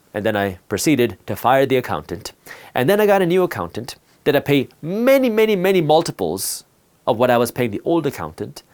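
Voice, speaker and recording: Male host for a finance talk. Lively pitch, punchy repetition, storytelling delivery. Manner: emphatic, repeats key words for effect.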